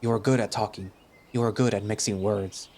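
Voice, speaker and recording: A man reading a visual novel aloud, voicing a large, gruff male husky beast-man who is blunt and insecure and talks in terse, clipped phrases. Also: on the low side, steady tone, fairly quick, a little mellow. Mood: sulky.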